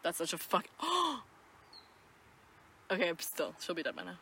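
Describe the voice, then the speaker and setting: A woman's voice: on the low side, huge pitch swings, measured pace, bright, forceful tone, breathy edge. A young woman co-hosting a podcast, chatting casually in a rambling, profane way and giggling often. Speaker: podcast co-host. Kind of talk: casual chat.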